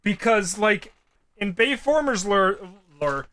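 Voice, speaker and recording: Man, podcast co-host, nerdy lore explainer, high voice, bright tone. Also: very animated, takes it slowly. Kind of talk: casual podcast chat.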